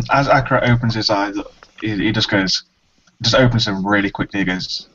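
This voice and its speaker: A man's voice: on the low side, normal speed, fairly bright tone, husky, highs cut off. A man playing his dwarf character in a tabletop game, stammering and repeating words as he talks. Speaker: player.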